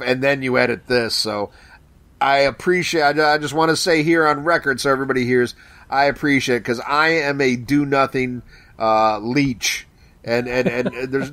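A man's voice: mid-range voice, a bit bright. Rambling, crude-joking male podcast host. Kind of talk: casual chat.

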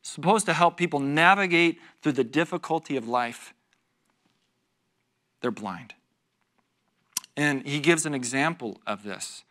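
A man's voice: on the high side, a little slow, pauses often, bright, forceful tone. A man teaching a Bible study as a pastor, reading scripture with rising force and acting out little scenes. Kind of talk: expository sermon. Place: church.

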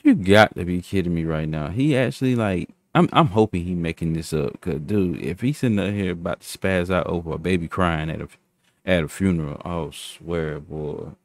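A man hosts a reaction video, rambling in slang and sounding disbelieving at what he watches. His voice is low and deep. The sound is dry and close. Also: normal speed, no echo. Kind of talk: casual reaction commentary.

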